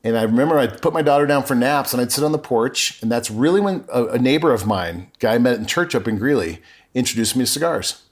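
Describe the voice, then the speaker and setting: A man's voice: mid-range voice, animated, quick pace. Earnest middle-aged man telling his story. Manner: earnest and openly emotional, with frequent restarts. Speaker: podcast guest. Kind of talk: conversational personal storytelling.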